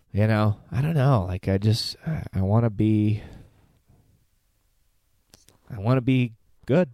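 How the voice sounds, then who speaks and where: A young man in his twenties giving a halting, heartfelt message to his father, near tears and cursing casually. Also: fairly low pitch, warm tone, no echo, studio quality. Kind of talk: personal spoken message.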